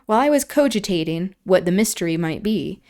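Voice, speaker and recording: A woman hosting a livestream, reading a classic novel aloud in steady narration with casual asides. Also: mid-range voice, a little fast. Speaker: streamer and host.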